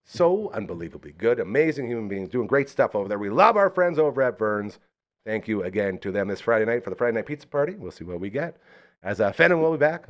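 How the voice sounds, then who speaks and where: A man's voice: fairly low pitch, very animated, fast, dull audio. A man hosting a live local podcast, chatting casually and rambling through enthusiastic sponsor plugs. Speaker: podcast host.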